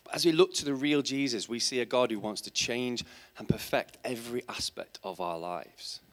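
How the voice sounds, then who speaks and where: A man with a mid-range voice, speaking at a moderate pace, is a teacher giving a church sermon. Rhetorical questions lead his listeners toward emphatic, passionate points.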